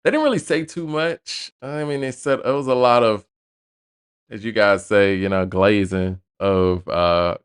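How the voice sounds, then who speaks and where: A man's voice: sits low, smooth, no room sound, clean studio sound. A man hosting a hip hop news show, reading an album review aloud and breaking off into casual asides.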